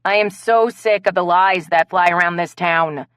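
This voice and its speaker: A woman's voice: mid-range voice, lively intonation, fairly quick, a bit bright, no room sound, voice pushed up. A woman narrator voicing a short-tempered female store manager who speaks sharply and with exasperation in an audiobook. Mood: exasperated.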